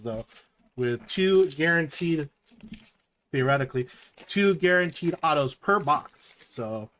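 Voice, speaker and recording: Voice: medium pitch, a bit bright. A live-stream host chatting enthusiastically while opening packs and reading out each card as it appears.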